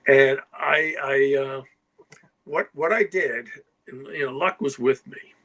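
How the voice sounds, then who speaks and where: In this low-fidelity clip, an older guest writer speaks slowly in a mid-range voice that sounds pushed and bright. His casual anecdotal storytelling rambles, peppered with "you know" and "okay?".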